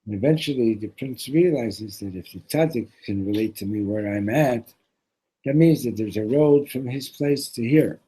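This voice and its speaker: The speaker is a Torah teacher telling a story to convey a religious point, speaking loosely with restarts and Hebrew vocabulary. His voice is mid-range, mellow, and husky at normal speed, heard in a rough recording.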